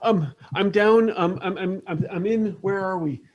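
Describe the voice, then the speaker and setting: A man's voice: sits high, unhurried, muffled recording, voice pushed up. A man voicing a flustered young woman trapped in a freezer, stammering and rambling.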